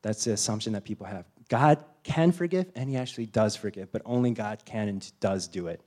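A young man preaching a sermon in a casual, animated way, full of "you know" and "like", acting out voices as he retells a Bible story. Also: lowish voice, fairly quick. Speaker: pastor.

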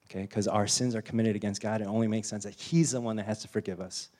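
Young guy preaching, super casual and animated, lots of "you know", acting out bits of the story. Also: fairly low pitch, fast. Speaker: pastor. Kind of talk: sermon.

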